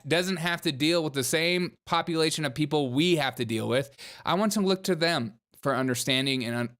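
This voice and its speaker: A man's voice: mid-range voice, a bit bright. Sarcastic male commentary host. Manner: mocking, laughing asides. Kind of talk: sarcastic commentary over clips.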